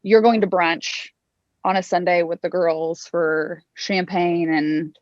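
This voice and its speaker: A woman fashion designer joining an interview over a video call, talking in a chatty, upbeat way with quick asides. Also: on the low side, fairly even intonation, no room sound. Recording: slightly dull video call sound.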